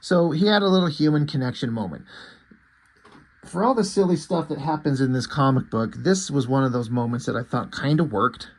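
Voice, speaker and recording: A man's voice: mid-range voice, fairly quick. Rambling, foul-mouthed comic reviewer man. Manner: rambling, profane, opinionated. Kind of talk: casual chat.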